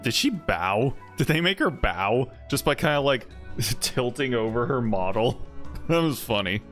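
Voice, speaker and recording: Guy rambling slowly over a game, jokey, mid pitch, faint music in the background. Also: animated, fairly bright tone. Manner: rambling, jokey, laughs often. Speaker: streamer. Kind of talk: casual gameplay commentary.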